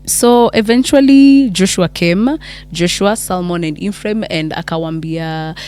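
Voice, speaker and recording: Kenyan woman storyteller, lower voice, chatty, code-switching retelling. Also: measured pace, clear, resonant tone. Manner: animated, mixes English and Swahili, many restarts. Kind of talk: casual Bible story retelling.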